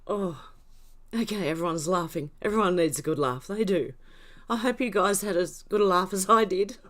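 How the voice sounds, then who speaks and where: A woman's voice: fairly low pitch, moderate pace. An older woman hosting a casual livestream, reading chat comments while laughing helplessly to the point of tears. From Australia. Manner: laughing helplessly, snorting, breathless giggles. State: tearful from laughing. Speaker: livestream host.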